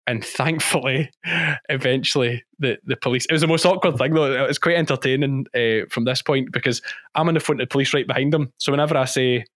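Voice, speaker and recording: A man, a sheep farmer and former policeman, recounting a story in a podcast interview with emphatic, animated delivery and frequent restarts. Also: medium pitch, fast talker, no room sound, clean studio sound.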